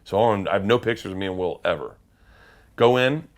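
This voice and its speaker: A man, a comedian guest in an interview, telling a long, profane story in a rambling, animated way and laughing at himself. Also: low-pitched, fairly quick.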